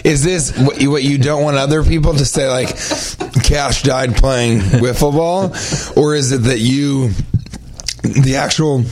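A man's voice: mid-range voice, steady tone, normal speed, background noise. A man co-hosting a comedy podcast, improvising playfully and slipping into characters. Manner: playful, acts out characters in bursts.

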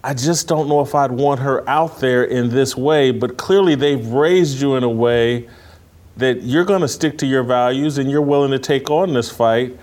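A man hosting an interview, asking questions in an earnest, animated way. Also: mid-range voice, moderate pace. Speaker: podcast host. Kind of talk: conversational interview.

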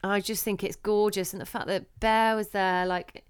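A young woman co-hosting a podcast, gushing and effusive as she talks. Her voice is smooth and clear at a middle pitch. The sound is close and dry. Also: little pitch movement, moderate pace, no room sound. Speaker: podcast co-host. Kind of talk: casual chat.

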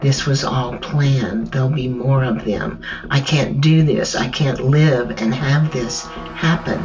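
A woman recounting her own ordeal in the first person, slow and measured, halting in places. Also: rumbling low. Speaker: survivor telling her story. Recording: dull distant recording with faint music.

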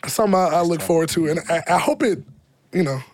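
A man visiting a podcast studio as a guest, talking in a relaxed, slangy way with lots of "you know" fillers. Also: a little high, fast. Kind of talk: casual chat.

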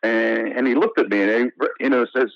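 An American actor, appearing as an interview guest, tells the story of his career in an animated, casual way, restarting sentences often and saying "you know" a lot. He speaks fairly quickly at an ordinary pitch, with some vocal fry. The recording is dry and a bit dull, like a remote call.

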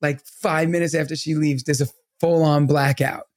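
A man's voice: fairly high pitch, moderate pace, dry recording. A man in his thirties co-hosting a podcast, telling a rambling anecdote with lots of fillers. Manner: rambling, animated anecdote teller with many fillers. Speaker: podcast co-host. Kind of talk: casual storytelling.

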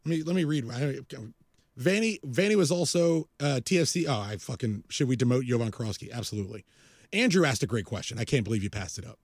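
A man's voice: medium pitch, expressive, quick pace, no room sound, clean studio sound. A man in his forties, a podcast co-host, ranting casually with a profane, exasperated manner.

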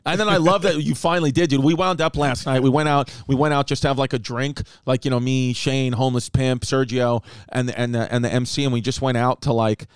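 A man's voice: medium pitch, a little fast, hardly any pauses, clean tone, no echo, clean studio sound. A man co-hosting a casual podcast, telling rambling stories with lots of "like" and laughter. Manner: rambling, animated storytelling with frequent laughs. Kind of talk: casual chat.

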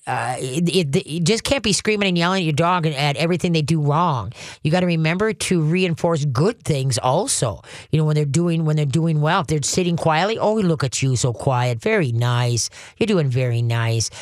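A man hosting a call-in radio show on dogs, giving folksy, animated training advice and acting out commands. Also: fairly high pitch, dry recording, studio quality.

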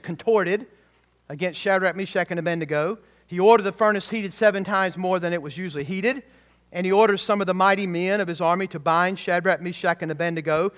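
A man preaching a sermon, full of rhetorical questions and quick asides to the congregation. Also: high-pitched, fairly bright tone. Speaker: pastor.

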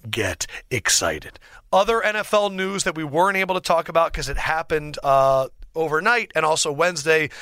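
A young man hosting a sports podcast as a lively solo monologue, theatrical and excitable, swinging between big outbursts and mock gloom. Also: fairly high pitch, dry recording. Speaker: podcast host. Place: podcast studio.

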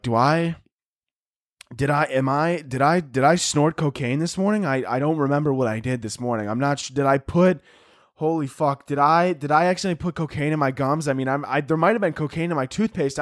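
A man hosting a comedy podcast, his voice sitting a little higher than most. He tells profane, self-mocking stories and keeps restarting his sentences. He bursts into high, excited yells of mock panic, in a close, dry recording. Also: a little fast, no echo. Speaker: podcast host.

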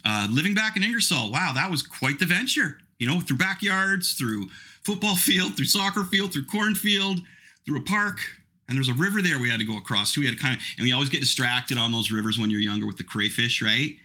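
A man's voice: medium pitch, lively intonation, brisk, pushed and bright, slightly rough. A middle-aged man hosting a podcast, chatting casually in a rambling, self-mocking way. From Canada. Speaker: podcast host. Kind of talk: casual chat.

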